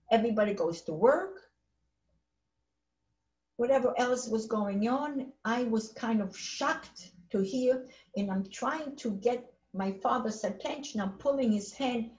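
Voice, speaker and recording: An old woman, recounting her own testimony. She talks in halting bursts and leans on words by repeating them. The recording is roomy and a little dull. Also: mid-range voice, a little mellow. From Poland. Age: 80s. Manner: halting, emphatic retelling with repeated phrases. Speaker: Holocaust survivor speaker. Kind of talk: personal testimony.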